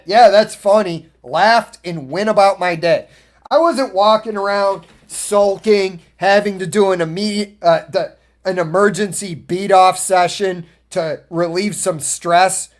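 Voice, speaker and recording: A man with a fairly high voice rants through an opinionated podcast monologue. He is blunt and swears freely, and he tells his stories in a loose, casual way. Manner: blunt, profane, ranting storyteller. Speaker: podcast host.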